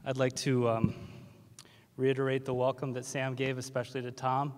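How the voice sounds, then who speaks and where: A man's voice: mid-range voice, little pitch movement, moderate pace. A man from West Virginia, a teacher giving a graduation speech with wry, self-deprecating humor. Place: large hall at a graduation ceremony. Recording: long hall reverb.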